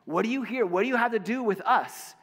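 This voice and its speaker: A man's voice: high-pitched, fairly quick, a bit bright, long reverb tail, pitched above the performer's own voice. A man voicing a possessed man in a plain, everyday voice during a sermon. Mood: defensive.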